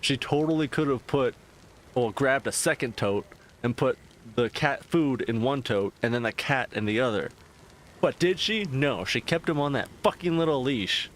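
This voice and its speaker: A man in the middle of a casual stream chat, rambling and swearing freely as he gets worked up over small annoyances. His voice sits at an ordinary pitch, with faint background noise. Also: normal speed. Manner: profane, rambling, animated ranting.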